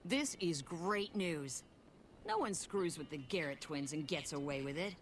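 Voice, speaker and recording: A woman voicing a brisk, no-nonsense saloon owner who talks in a blunt, businesslike way. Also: sits low, animated, a little hiss or hum.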